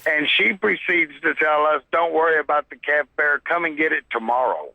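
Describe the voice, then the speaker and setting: A man's voice: on the high side, moderate pace, creaky, sharp tone, poor audio. A man who drives a taxi, recounting events in an interview in a plain-spoken, folksy way.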